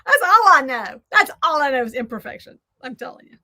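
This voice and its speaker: High, bright Southern American woman. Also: sing-song, a little fast. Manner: chatty, rambling, self-deprecating. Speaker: host. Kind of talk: casual chat while crafting.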